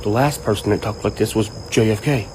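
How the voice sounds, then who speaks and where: A man ranting casually and profanely, rambling and animated. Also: fairly low pitch, brisk, background noise. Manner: profane, rambling, animated, quotes people in mock voices. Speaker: online commentator. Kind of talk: casual rant to camera.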